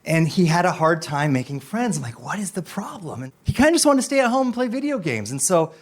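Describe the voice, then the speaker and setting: Man, animated storyteller, swings his pitch widely, slightly high voice. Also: fast talker. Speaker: guest storyteller. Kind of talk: personal story told on a podcast.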